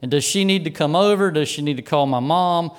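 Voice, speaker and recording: A middle-aged male pastor telling a childhood story in a sermon, folksy and animated, chuckling as he goes. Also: a little high, brisk, clean tone.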